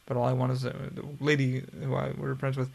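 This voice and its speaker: A man's voice: mid-range voice, monotone, quick pace, vocal fry, a little mellow. A young man hosting a podcast, telling a long story in a casual, profane, rambling way. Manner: profane, rambling, laid-back. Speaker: podcast host.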